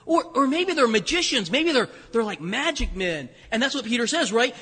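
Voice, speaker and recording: A male pastor preaching a sermon with animated storytelling and conversational asides. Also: extremely high pitch, normal speed, hardly any pauses, slightly rough. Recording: echoey hall with long reverb.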